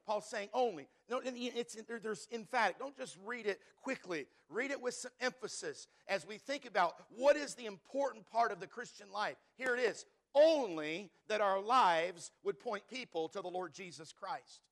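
A man's voice: high-pitched, a bit bright. A male pastor preaching a sermon, emphatic and repeating key words for stress, calling on the congregation to answer back.

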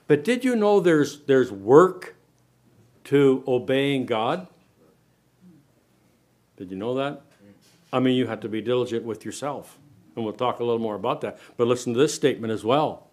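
An older man preaching a sermon to a church congregation, animated, asking the room questions and swinging between loud and quiet. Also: medium pitch, normal speed. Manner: animated preaching, asks the room questions, varies loudness a lot. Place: church sanctuary.

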